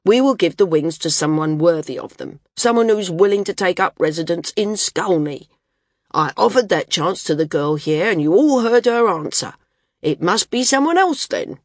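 A woman's voice: lowish voice, lively intonation, moderate pace, no echo, studio quality. Woman voicing a stubborn, angry landsman. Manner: insistent, raised voice. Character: stern male island landsman, stubborn, angry.

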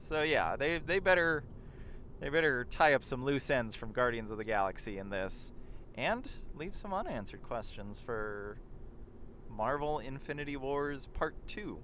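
Bright, lively young man chatting in a car. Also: mid-range voice, measured pace, slight background noise. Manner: lively, excitable storytelling. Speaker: podcast co-host, driving. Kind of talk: comedic banter. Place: in a car in traffic.

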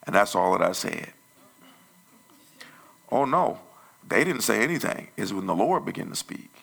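A male pastor telling a story in a conversational sermon that grows loud and animated. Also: fairly low pitch, normal speed, creaky, slightly rough. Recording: church sermon audio.

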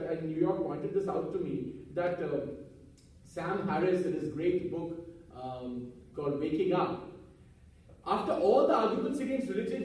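A man's voice: sits high, dark tone. Earnest man lecturing in an echoey hall. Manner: earnest, rhetorical questions. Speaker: speaker on Vedanta. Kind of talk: public talk to an audience. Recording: echoey hall, mic from far off.

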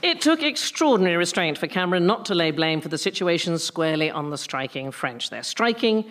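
A man's voice: a little high, big pitch swings, brisk, a bit bright. A man hosting a comic news quiz, reading prepared satirical jokes in a dry manner. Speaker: quiz show host.

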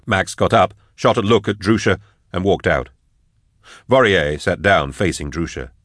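Deep-voiced male audiobook narrator. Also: lively intonation, measured pace, fairly bright tone, no echo, studio quality.

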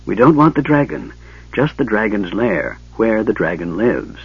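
A man voicing a young male mage who speaks softly and coaxingly. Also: lowish voice, big pitch swings, husky, no echo. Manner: soft, coaxing, measured. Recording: dull lo-fi tape, dry.

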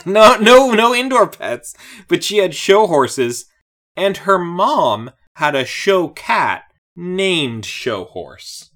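Low-voiced playful woman. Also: very animated, slow, fairly bright tone. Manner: playful, laughs often. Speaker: podcast co-host. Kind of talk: casual chat reviewing a cartoon episode.

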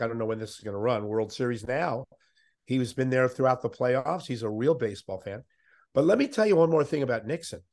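A man who grew up in Miami Beach, a veteran sports interviewer telling animated anecdotes in a casual talk. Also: medium pitch. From Miami Beach, USA. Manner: animated anecdotes with quoted voices. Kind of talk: casual podcast storytelling.

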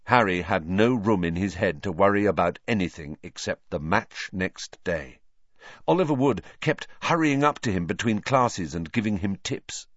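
Expressive male audiobook narrator, lowish voice. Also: moderate pace, no room sound. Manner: lively, expressive storytelling. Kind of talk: scripted narration. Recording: dull lo-fi dry recording.

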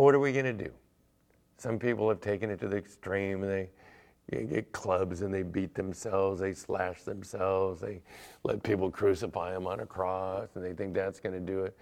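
A man preaching a sermon as pastor, lively and playful, acting out small everyday scenes with humor. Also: on the low side, vocal fry. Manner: animated, acts out little scenes with humor.

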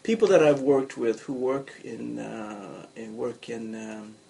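A man with a gravelly, fry-edged voice speaks in a relaxed, chatty manner while answering interview questions. Faint noise sits under the recording. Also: medium pitch, a little slow. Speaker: English coach. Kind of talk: conversational interview.

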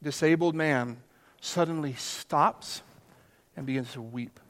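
A man preaching a sermon as pastor, earnest, dropping to soft hushed words for emphasis. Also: fairly high pitch, slow pace. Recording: long hall reverb.

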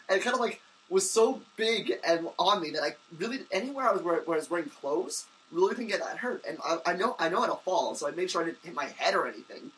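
Young guy, high bright voice, rambly excited storytelling, sounds a bit off mic. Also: distant mic, slight background noise, low-quality recording. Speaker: podcast co-host. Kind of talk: casual chat.

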